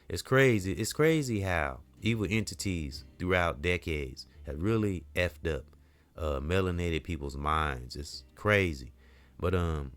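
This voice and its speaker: A middle-aged man speaks in a low, deep register, talking casually to camera in a vlog monologue. He rambles earnestly and keeps circling back with "you know." Now and then he lets a curse word slip. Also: a bit bright. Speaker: community vlogger.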